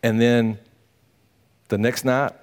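Pastor, male, folksy and animated sermon storyteller. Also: medium pitch, slow, clear, resonant tone. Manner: animated, folksy, acts out quotes.

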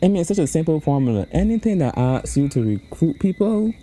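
Animated woman, casual chat. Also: deep voice, fairly quick. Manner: animated, laughing, sing-song teasing rhymes. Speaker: podcast co-host.

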